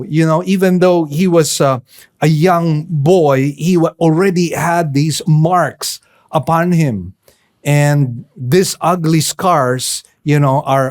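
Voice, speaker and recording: A man preaching a sermon as pastor, explaining scripture slowly and deliberately with emphatic stresses. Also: fairly high pitch, a little mellow.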